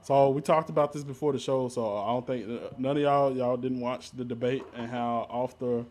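Playful, loud-laughing male podcast host. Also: mid-range voice, fairly even intonation, normal speed, slight background noise. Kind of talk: casual chat.

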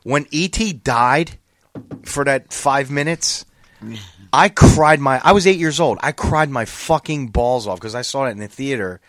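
A man's voice: mid-range voice, unhurried, fairly bright tone, no room sound. A middle-aged man hosting a podcast in casual chat, profane and rambling with many restarts. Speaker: podcast host.

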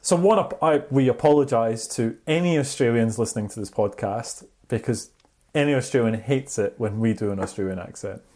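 A man's voice: medium pitch, darkish tone. Easygoing man hosting a podcast. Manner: leads topics, reads quotes aloud, quick reactions. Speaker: podcast host. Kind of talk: casual podcast chat.

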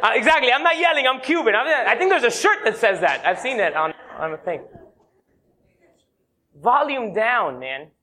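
Lively, bright-voiced pastor preaching. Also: male voice, extremely high pitch. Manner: animated, playful storyteller who slows down for emphasis. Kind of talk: sermon with humorous anecdotes.

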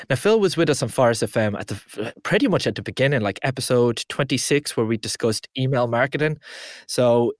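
A man co-hosting a podcast in casual chat, relaxed and talkative, reading out figures. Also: medium pitch, no echo. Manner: chatty, relaxed, reads stats aloud. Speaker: podcast co-host. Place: small room. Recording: dry close studio mic.

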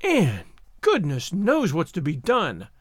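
A man's voice: fairly high pitch, wildly swooping pitch, takes it slowly, slightly rough, dry recording, studio quality, exaggerated voice. A man voicing a severe, sarcastic older woman guardian in a storybook, scolding sharply. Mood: stern.

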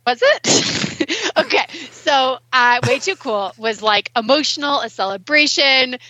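A young adult woman talking as a guest on a casual podcast interview, animated and emotional, speaking in quick bursts. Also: high voice, dry recording. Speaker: guest ultrarunner. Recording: muffled dry recording.

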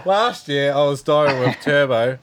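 A man's voice: on the high side, normal speed. Laid-back man, casual swearing. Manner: laid-back, swears casually, laughs while telling stories. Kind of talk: casual storytelling chat.

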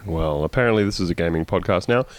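A man hosting a casual comedy podcast, wry and deadpan, sounding tired. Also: low-pitched, quick pace. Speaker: podcast host.

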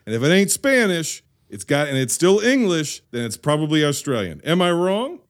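A man's voice: fairly high pitch, very animated, moderate pace. An American man hosting a podcast, joking in playful mock-clueless banter with his guest. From United States. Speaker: podcast host. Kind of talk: casual chat.

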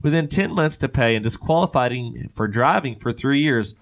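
A man's voice: mid-range voice, expressive, normal speed. A man, co-hosting a casual chat in which he reads odd news stories with joking, rambling asides and frequent laughs. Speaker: podcast co-host.

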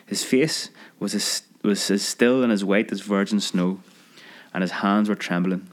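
A man narrating a children's story aloud in a lively, expressive reading. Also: on the low side, a little slow.

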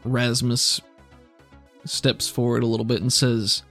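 A man narrating as game master in a relaxed, rambling way. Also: mid-range voice, measured pace, soft background music.

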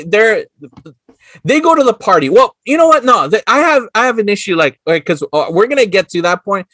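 Podcast co-host, male, high and lively voice, loose and profane, dry close sound. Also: no room sound. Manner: animated, swearing, acts out quotes in bursts of Spanish. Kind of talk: casual chat.

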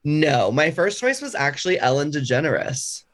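A man co-hosting a podcast in casual chat, animated and gushing, laughing easily as he talks. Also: on the high side, normal speed. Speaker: podcast co-host.

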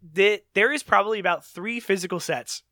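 Casting: high, bright male podcast host, sarcastic, dry close mic. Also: a little fast, no room sound. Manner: sarcastic, laughing, mimics characters in squeaky voices. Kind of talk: casual movie review chat.

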